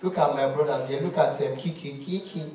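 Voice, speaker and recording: A male stand-up comedian with a Nigerian accent, mixing pidgin and Yoruba on an awards stage, animated and chanting at times. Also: fairly high pitch, brisk. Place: large indoor awards stage. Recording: echoey hall from far off.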